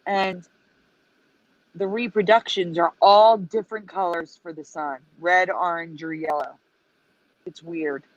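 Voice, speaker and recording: A woman's voice: lowish voice, fairly even intonation, a little slow, pauses often, no echo. A woman co-hosting a casual livestream chat, explaining pictures and asking viewers questions. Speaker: co-host. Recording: dull lo-fi stream audio.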